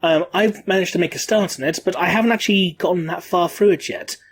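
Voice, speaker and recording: Man, podcast co-host, high voice, casual, explanatory. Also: fast, husky. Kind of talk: casual chat.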